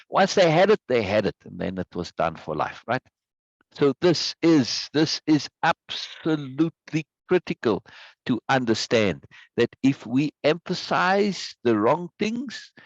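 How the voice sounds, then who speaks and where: A man's voice: medium pitch, dry recording. A middle-aged man teaching an online course, telling stories emphatically and often checking in with "right?". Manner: emphatic, storytelling, frequent "right?". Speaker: course instructor. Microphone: video call mic. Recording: dull lo-fi meeting audio.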